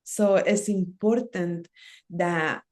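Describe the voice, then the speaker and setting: Her voice sits low for a woman and has a darkish tone. Appearing as an interview guest and ceremony facilitator, she takes her time in the conversation, offering earnest short phrases punctuated by fillers.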